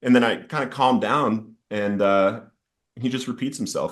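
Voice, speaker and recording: A man's voice: medium pitch, moderate pace. A man sharing an earnest, emotional personal testimony about addiction and recovery as a podcast guest. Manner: earnest, storytelling with rising intensity in quoted outbursts.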